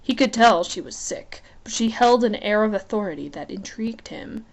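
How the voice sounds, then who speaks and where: A woman's voice: mid-range voice, expressive, moderate pace. A woman reading a romance novel aloud in a casual fan audiobook, with chatty, joking asides between passages. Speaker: reader.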